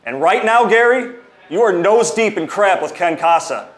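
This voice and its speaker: A man's voice: sits high, lively intonation, moderate pace. A man speaking as a wrestling champion, mocking his opponent and telling a taunting story. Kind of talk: trash-talking wrestling promo.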